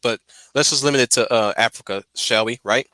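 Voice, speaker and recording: Male host, bright forceful tone, dry close sound, casual stream talk full of restarts and repeated words. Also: medium pitch, brisk, no echo.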